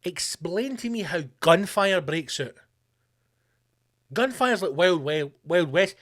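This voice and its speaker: A man's voice: high-pitched, expressive, slow, a bit bright. A Scottish man hosting a podcast, delivering a profane, sarcastic comedic rant. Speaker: podcast host. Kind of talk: comedic ranting monologue.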